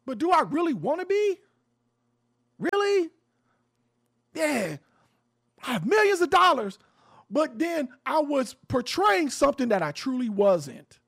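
A man with a strikingly high, gravelly voice holds forth on a talk show, and his pitch swings widely as he pushes his point. He is blunt, swears freely, and circles back over his words for emphasis. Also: big pitch swings, unhurried, long pauses, a bit bright. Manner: repeats and restarts words while building a point. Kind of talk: opinionated radio talk.

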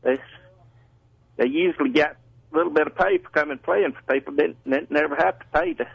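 A man's voice: a little high, brisk, gravelly, breathy edge, no room sound. A man from Georgia calling a radio show, rambling and plain-spoken. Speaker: caller. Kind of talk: phone call-in story. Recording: muffled phone line.

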